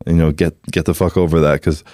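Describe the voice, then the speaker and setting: A man's voice: rumbling low, flat delivery, fast talker, dark tone, no room sound. A young Canadian man with a lisp, a podcast guest talking candidly with lots of fillers and swearing. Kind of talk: casual podcast conversation. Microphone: headphones on, studio mic.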